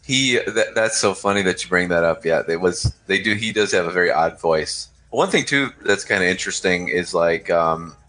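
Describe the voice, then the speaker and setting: A man's voice: low voice, moderate pace, hardly any pauses, sharp tone, a little hiss or hum, poor audio. A man co-hosting a horror film podcast, chatting casually and eagerly sharing trivia. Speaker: podcast co-host. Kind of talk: casual movie review chat.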